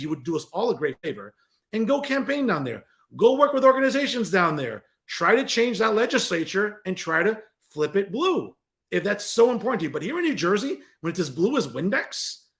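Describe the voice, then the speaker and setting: A male political commentator who hosts his own show and delivers a combative, sarcastic rant straight at his targets. His voice sits fairly high for a man, and he keeps turning to the audience with "folks.". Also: fairly bright tone. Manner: repeatedly addresses listeners as folks. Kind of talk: opinionated political commentary monologue.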